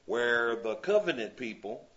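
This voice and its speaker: A man's voice: mid-range voice, big pitch swings, a little slow, a bit bright, highs cut off. A man leading a Bible study class. He reads scripture aloud and often checks in with his listeners, asking "you see?".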